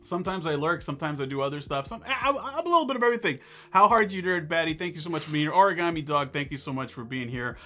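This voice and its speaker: A man hosting a livestream talk show, excitable and animated, thanking chat viewers as he goes. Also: on the high side, quick pace, few pauses. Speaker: host.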